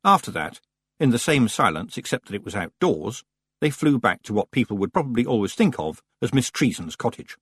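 A man reading a story aloud as an audiobook narrator, in an expressive storytelling manner, close to the mic. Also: mid-range voice, brisk, husky, no room sound. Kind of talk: scripted narration.

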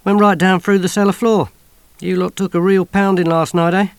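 Man playing a loud chirpy soldier, high and blunt, storybook army lad. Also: little pitch movement, normal speed, clean tone, no room sound. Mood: brash. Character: brash young cockney army soldier.

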